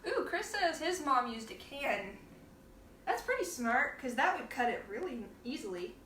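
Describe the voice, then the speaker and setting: A woman's voice: sits high, big pitch swings, moderate pace, a bit bright, distant mic, a little hiss or hum. A woman hosting a casual cooking demonstration in her home kitchen, chatting playfully and laughing often as she works. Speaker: cooking show host. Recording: roomy kitchen sound, from off the mic.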